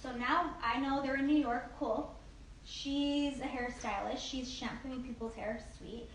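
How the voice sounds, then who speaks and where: A woman's voice: high-pitched, fairly even intonation, unhurried. A woman giving a casual group training talk on networking, upbeat and chatty, with frequent "like" and "okay?". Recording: echoey room, mic from a distance, faint noise.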